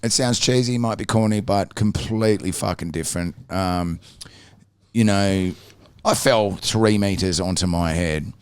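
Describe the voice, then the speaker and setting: Deep-voiced Australian man telling a story. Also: unhurried, smooth, dry recording. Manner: profane, blunt, animated retelling. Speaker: podcast host. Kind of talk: casual storytelling.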